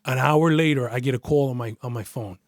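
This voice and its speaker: New guy, ex-detective, cursing his way thru a story, mid pitch, dead dry sound. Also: brisk, no echo. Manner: profane, animated, acts out quoted voices. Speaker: podcast guest, retired detective. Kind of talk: casual storytelling.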